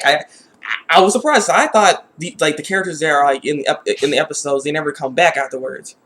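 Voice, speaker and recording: A man with a high, light voice talks through an anime episode in a loose, unscripted way. He restarts his sentences, leans on "like," and sounds exasperated. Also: racing, fairly bright tone. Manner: rambling, many restarts and "like". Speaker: anime reviewer. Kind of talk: casual spoken review.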